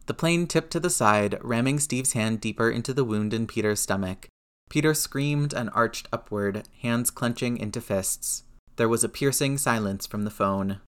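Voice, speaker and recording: A man reading a story aloud, narrating in an even, steady way. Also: medium pitch, moderate pace, smooth. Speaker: reader. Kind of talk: reading fan fiction aloud.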